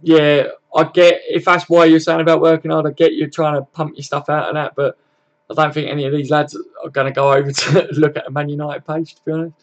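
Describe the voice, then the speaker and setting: A man's voice: a little high, level tone, a little fast. A young man hosting a casual football-fan live stream, chatting loosely, swearing freely and chuckling as he responds to viewers. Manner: laid-back, swears freely, chuckles often. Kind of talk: casual live-stream chat, reading comments aloud.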